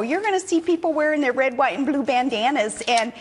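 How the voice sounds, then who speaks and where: A woman's voice: high-pitched, animated, brisk, a little hiss or hum. A woman in her forties giving a television news interview, talking in a folksy, earnest way with many restarts and fillers. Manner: folksy, earnest speech-making. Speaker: political guest on a cable news show.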